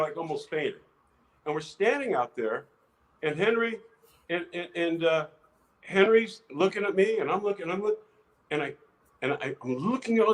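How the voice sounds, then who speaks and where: An older man, an actor guest, telling lively anecdotes in a casual interview, restarting phrases often. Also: high-pitched, rough recording. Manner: animated anecdotes with many restarts.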